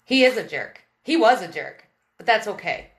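A woman's voice: medium pitch, very animated, moderate pace, echoey room. A woman from Western Pennsylvania hosting a podcast stream, chatting casually, laughing often and greeting viewers by name. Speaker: podcast host. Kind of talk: casual live-stream chat reading comments.

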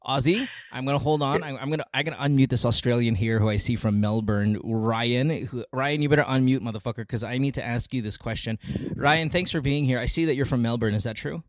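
A man's voice: medium pitch, brisk, no echo. A man from the Philippines hosting a call-in podcast over a video call, ranting with lots of swearing and laughter. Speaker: podcast host taking callers. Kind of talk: casual chat.

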